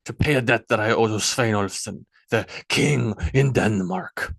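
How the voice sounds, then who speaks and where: A man's voice: lowish voice, fairly even intonation, brisk, fairly bright tone, no echo. A man voicing a stern, ambitious Viking king in an audiobook, speaking in a blunt, commanding way.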